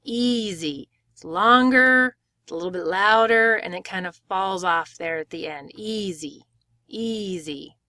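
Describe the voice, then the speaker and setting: Clear woman teaching pronunciation. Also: medium pitch, normal speed, bright, forceful tone, dry recording, clean studio sound. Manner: clear, step-by-step explaining with demonstrated words. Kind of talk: screen-share tutorial.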